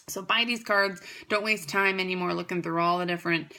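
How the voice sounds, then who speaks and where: A young woman pitching her greeting card business to the camera in a chatty, upbeat way, rambling with fillers and restarts. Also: fairly even intonation, a little fast, pushed and bright. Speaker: card company founder. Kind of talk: casual product pitch to camera.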